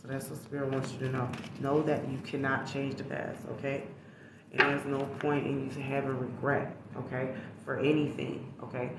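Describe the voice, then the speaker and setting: A man's voice: medium pitch, little pitch movement, moderate pace, vocal fry, reverberant, heavy background noise. Slangy, swearing man reading tarot. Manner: slangy, emphatic, swears, addresses viewers directly. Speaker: tarot reader. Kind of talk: casual tarot reading to viewers.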